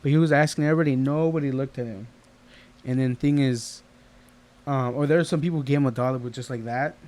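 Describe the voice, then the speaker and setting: Speaking fast in a darkish, medium-pitched voice, this man co-hosts an easygoing podcast. His storytelling is long and meandering, and he acts out the quoted voices of the people in his tales.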